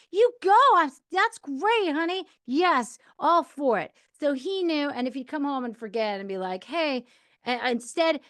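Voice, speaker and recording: A woman's voice: a little high, fairly bright tone, no room sound, clean studio sound. A middle-aged woman hosting a podcast, giving casual, encouraging advice straight to the listener. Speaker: podcast host.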